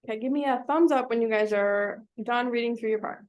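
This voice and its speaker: Bright-voiced, patient woman reading teacher. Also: on the high side, brisk. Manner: patient, encouraging, asks many questions. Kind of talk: classroom instruction to children.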